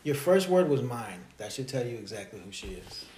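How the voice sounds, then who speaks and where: A man in his thirties, a podcast co-host in casual chat, telling stories with jokes and a deadpan streak. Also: medium pitch, a little fast. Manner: animated, joking storyteller with a deadpan streak. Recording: echoey room.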